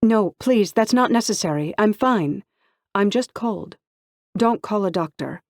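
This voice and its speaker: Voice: medium pitch, expressive, normal speed, no room sound, clean studio sound, pitched above the performer's own voice, close to an everyday voice. An audiobook reader voicing a seventeen-year-old girl who talks in a raised, pressing way. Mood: pleading. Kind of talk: audiobook character voice.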